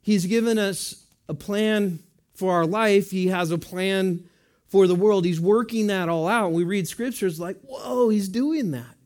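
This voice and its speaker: A man's voice: high voice, fairly even intonation, a little slow, darkish tone. A man preaching a conversational sermon as a pastor, asking the congregation questions and answering in little voiced asides.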